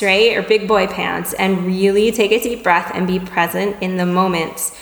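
Woman teaching in an echoey hall. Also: mid-range voice. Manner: conversational, checks in often with "right?" and "okay?"; acts out little dialogues in lively voices. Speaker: communication teacher. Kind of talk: spoken lesson on empathetic listening. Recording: echoey room with long reverb.

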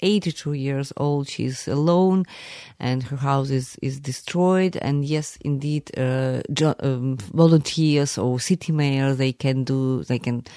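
A speaker recounting a field visit in an earnest, halting way, with fillers and restarts. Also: mid-range voice, mellow, no room sound, clean studio sound. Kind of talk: spoken account.

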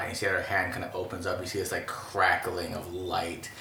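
Low-voiced man running a tabletop game. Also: little pitch movement, bright, forceful tone. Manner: halting, full of fillers and restarts. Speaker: game master. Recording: roomy with faint noise.

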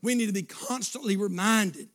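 A man preaching a fervent sermon as pastor, repeating phrases and building to shouts. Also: sits high, moderate pace.

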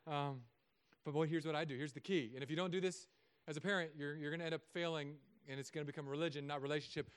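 A man preaching a sermon as a pastor, telling stories with self-mocking humor and often dropping to soft, quiet tones. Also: a little high, steady tone, racing, clean tone.

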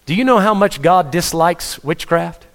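A pastor preaching with fervent emphasis, his voice set a little higher than most men's. He asks rhetorical questions and stumbles over repeated words as he presses each point home. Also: normal speed, fairly bright tone. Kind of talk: sermon.

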